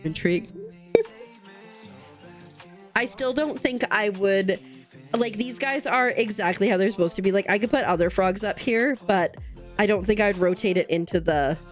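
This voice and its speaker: A young woman in a casual livestream chat, bubbly and rambling as she answers her viewers between stitches. Her pitch sits in an ordinary middle range, and she talks into a desk mic at home with soft music faintly playing behind her. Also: normal speed, pauses often. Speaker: livestream host. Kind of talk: casual chat with live chat while crafting. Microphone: desk streaming mic.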